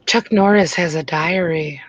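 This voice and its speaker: A woman co-hosting a casual livestream, reading facts and jokes in a soft, slow, mock-ASMR voice. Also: fairly low pitch, rough recording.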